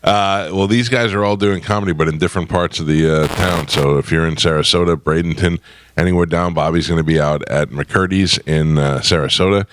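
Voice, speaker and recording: A man's voice: deep voice, fairly even intonation, fairly quick, a bit bright, clear, resonant tone. A man hosting a radio show in a studio, plugging comedy gigs and chatting casually with guests. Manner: plugging shows, laughing along. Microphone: studio microphone.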